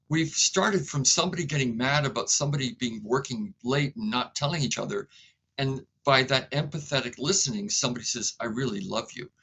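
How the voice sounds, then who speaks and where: A man being interviewed as a guest, speaking in a calm, reflective way and sometimes acting out short dialogues between people. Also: mid-range voice, brisk, husky, low-quality recording. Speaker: inventor and guest. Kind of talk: conversational interview.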